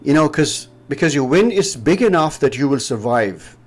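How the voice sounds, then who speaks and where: A man's voice: fairly high pitch, expressive, normal speed. A man from Pakistan with a Pakistani English accent, casually walking through market charts in a rambling, explanatory way. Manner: rambling, explanatory, laughs often. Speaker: trading educator. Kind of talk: casual chart-analysis chat.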